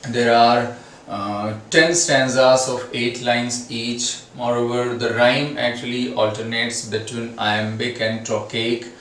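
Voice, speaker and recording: A man with an Indian English accent lecturing on poetry, slowly, with frequent pauses and fillers. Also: medium pitch, a little hiss or hum. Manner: slow, many pauses and fillers. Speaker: literature lecturer. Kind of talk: classroom lecture. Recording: roomy echo, a bit distant.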